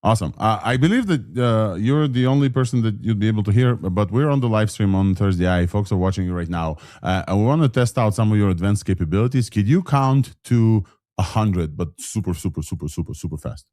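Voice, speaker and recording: A man hosting a live tech stream, casually testing a voice assistant and urging it to go faster. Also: fairly low pitch, lively intonation, dark tone, no echo, clean studio sound. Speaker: podcast host.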